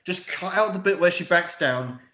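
A man's voice: high voice, moderate pace, bright, forceful tone. A man co-hosting a podcast in casual film review chat. He rambles and swears a lot, with plenty of fillers. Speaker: podcast co-host. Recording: echoey room.

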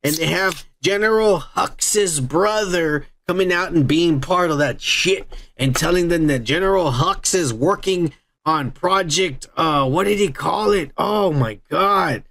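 A man's voice: on the high side, a little slow, fairly bright tone. A man hosting a podcast in casual chat, ranting and cursing freely. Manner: profane, ranting. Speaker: podcast host.

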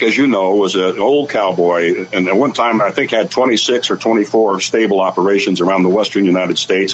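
A man's voice: deep voice, highs cut off, slight background noise. Older man telling folksy cowboy stories. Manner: folksy anecdotal storytelling, acting out quoted voices. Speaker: guest, author and rancher. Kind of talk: storytelling on a radio talk show.

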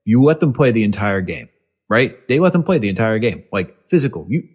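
Husky, ranting man hosting a podcast. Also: lowish voice, very animated, a little fast, a little mellow. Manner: angry, ranting, swears a lot. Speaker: podcast host. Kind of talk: heated sports podcast chat.

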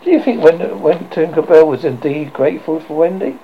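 A man narrating a storybook with lively, swooping intonation and a gravelly texture. The recording is muffled, with a faint hiss running underneath. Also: a little high, brisk. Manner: expressive, animated reading. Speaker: audiobook reader.

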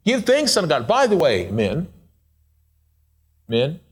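A male pastor preaching a casual, playful sermon, swinging between excited high asides and low quiet remarks. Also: takes it slowly, slightly rough.

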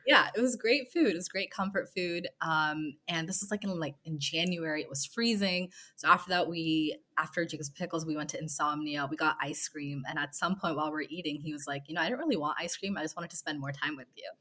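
Low-voiced woman telling a casual story. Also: fairly quick, few pauses, pushed and bright. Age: 20s. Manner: chatty, many fillers and quoted dialogue. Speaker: guest telling a dating story.

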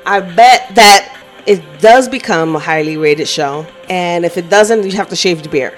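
A man's voice: high voice, normal speed, soft background music. Teasing male podcast co-host. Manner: teasing, wisecracking. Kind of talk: casual wrestling podcast chat.

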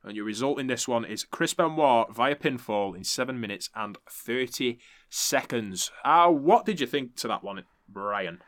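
Bright-voiced man recapping casually. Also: mid-range voice, expressive, no room sound. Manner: chatty, swears freely, quick to laugh. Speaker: podcast host.

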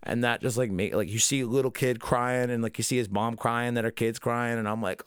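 A man's voice: mid-range voice, fairly even intonation, fairly quick, few pauses, clear, resonant tone, no room sound, clean studio sound. A man hosting a podcast in loose, profane casual chat, full of fillers. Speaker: podcast host.

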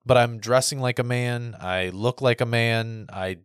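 A man in his thirties talks through a casual podcast monologue, circling back and repeating his points with many restarts. His voice sits at a middle pitch. The sound is dry, with no room echo. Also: a little slow, smooth. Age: 30s. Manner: rambling, repeats himself, frequent restarts. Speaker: podcast host.

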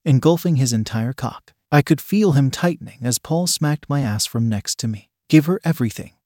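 A man reads a story aloud in a steady, unhurried first-person narration. His voice sits at an ordinary middle pitch. It is recorded close to the mic and sounds dry, with no room echo. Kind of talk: reading an erotic story aloud.

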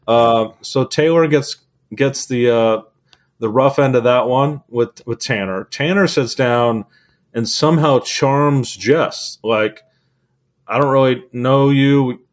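A man co-hosting a podcast who recaps events in a relaxed, easygoing way with plenty of fillers. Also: mid-range voice, slow pace. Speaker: podcast co-host. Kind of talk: casual chat.

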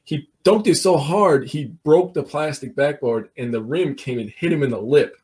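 A man co-hosting a podcast interview, relaxed and casual, telling his own family stories. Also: on the high side, normal speed. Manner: relaxed, tells stories, laughs easily. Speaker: podcast co-host.

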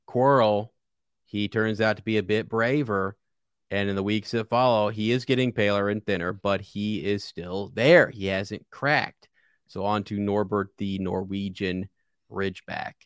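A man's voice: lowish voice, fairly bright tone, smooth, no echo, studio quality. A man co-hosting a casual podcast about a book, enthusiastic and rambling with many restarts. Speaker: podcast co-host.

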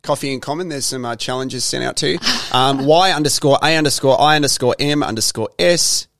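A man's voice: mid-range voice, moderate pace, creaky, a bit bright. A man hosting a casual sports podcast, joking and teasing his guest. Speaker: podcast host.

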